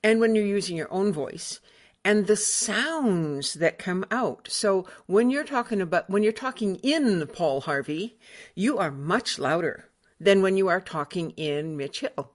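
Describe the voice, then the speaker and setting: A woman's voice: mid-range voice, expressive, a little slow. A woman from Michigan's Upper Peninsula hosting an interview and asking chatty, curious questions. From Upper Peninsula of Michigan, USA. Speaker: interview host. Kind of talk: casual interview.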